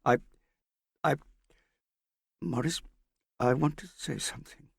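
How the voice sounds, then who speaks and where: Man putting on a young woman, anxious, pleading, raised pitch over a deep gravelly voice. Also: slow, no echo, clean studio sound, exaggerated voice. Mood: agitated. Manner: pleading, insistent, voice rising and breaking. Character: anxious young woman confronting a suspected swindler.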